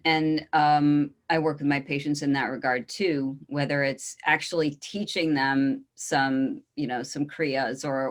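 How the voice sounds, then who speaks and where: A woman hosting an interview podcast, a therapist who talks thoughtfully with many pauses and "um"s. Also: low-pitched. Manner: thoughtful, rambling, many "um"s and restarts. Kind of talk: casual interview chat.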